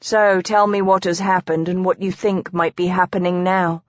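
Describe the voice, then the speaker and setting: A woman's voice: lowish voice, level tone, normal speed, no room sound, lo-fi sound, close to an everyday voice. A woman voicing an easygoing young man who asks light, curious questions. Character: cheerful young brother, easygoing.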